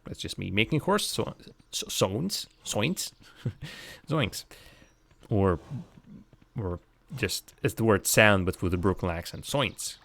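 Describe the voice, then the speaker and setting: A man's voice: low voice, lively intonation, takes it slowly, creaky, long pauses, fairly bright tone. A man giving casual, rambling commentary while streaming a game live, chatting with viewers and laughing often.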